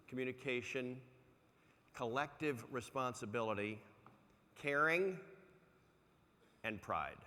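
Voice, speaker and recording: An older man giving a motivational keynote speech, an animated storyteller who acts out quotes with big swings in loudness. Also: medium pitch. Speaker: motivational speaker. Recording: long hall reverb.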